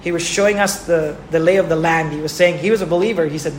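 High-voiced male preacher in echoey hall. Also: fast talker, hardly any pauses. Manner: asks the congregation questions, repeats words for emphasis. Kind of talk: sermon. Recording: echoey room with faint ambient noise.

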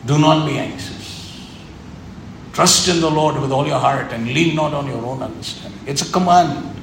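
A man delivers an earnest sermon, repeating his points for emphasis. His voice sits a little high and has a gravelly edge. The room is echoey, with a faint hum of ambient noise behind him. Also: moderate pace. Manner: earnest, repetitive, emphatic preaching. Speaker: preacher.

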